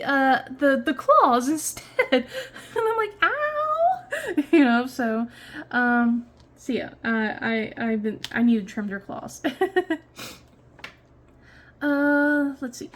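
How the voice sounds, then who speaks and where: A woman in her thirties chatting casually as a crafting vlogger, telling a rambling story full of fillers and restarts. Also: high-pitched. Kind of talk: casual chat while crafting.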